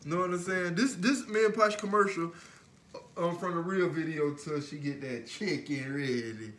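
A man's voice: a little high, normal speed, echoey room. A man, co-hosting a couple's cooking show, joking and teasing his partner through a playful cooking demonstration in a home kitchen. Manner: playful, teasing, loud bursts of laughter.

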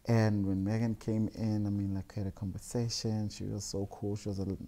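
A young man, a guest telling stories in a relaxed, rambling way with many fillers. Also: fairly low pitch, fairly quick. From South Africa. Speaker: guest, jeans designer. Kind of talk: casual storytelling interview.

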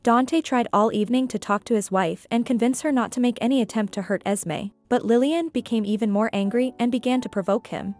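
A woman reading a scripted story aloud as narrator, steady and even. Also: on the high side, a little fast, few pauses. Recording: faint background music.

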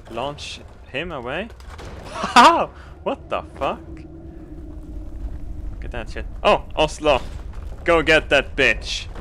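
Slow, bright-voiced crude game commentator. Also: male voice, on the high side, slight background noise. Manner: crude, laughing, excitable outbursts. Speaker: gaming commentator.

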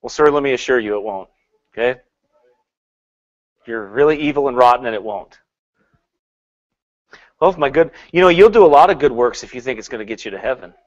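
A man preaching a sermon in an animated way, swinging between loud and hushed, laughing often and mocking with put-on quotes. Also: medium pitch, quick pace, long pauses, muffled recording.

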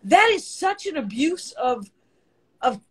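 High-voiced woman comedian host. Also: very animated, slow pace, fairly bright tone. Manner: rambling, profane, laughs easily. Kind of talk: casual podcast chat.

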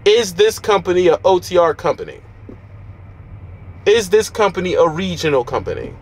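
A man's voice: sits high, very animated, normal speed. A man who drives a truck, giving blunt, preachy advice in street slang from his truck cab. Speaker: trucker vlogger.

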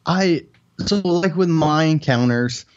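A man's voice: a little high, takes it slowly. A man hosting a casual interview, easygoing and reassuring toward his guest. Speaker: interviewer, show host. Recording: slightly dull, lo-fi sound.

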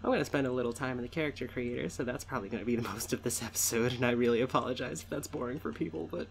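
A man's voice: mid-range voice, very fast. A man in his twenties giving casual, rambling gameplay commentary, swearing and correcting himself often. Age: 20s. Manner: rambling, profane, self-correcting. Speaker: let's play host.

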